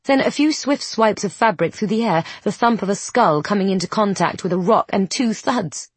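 A woman narrating a story in a measured, descriptive reading. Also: medium pitch, animated, slightly rough, no room sound. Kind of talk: scripted narration.

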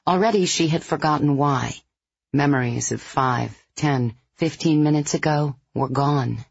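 A narrator reading a tense third-person thriller passage with slow, tense storytelling. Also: mid-range voice, vocal fry, husky, no echo, muffled recording. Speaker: audiobook narrator.

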